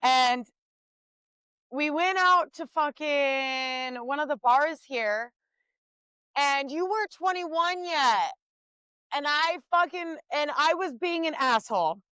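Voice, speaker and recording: A young woman co-hosting a podcast, telling family stories in loud, profane casual chat. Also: high voice, no echo, poor audio. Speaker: podcast co-host.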